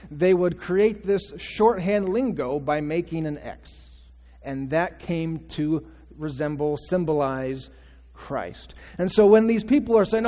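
A man's voice: fairly high pitch, darkish tone. A male pastor preaching a conversational sermon, asking the congregation questions and acting out quotes. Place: church sanctuary. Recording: long church reverb.

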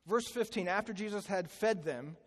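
A man preaching a sermon as a pastor. He slows down and drops to a hushed voice on key phrases. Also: high-pitched. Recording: long hall reverb.

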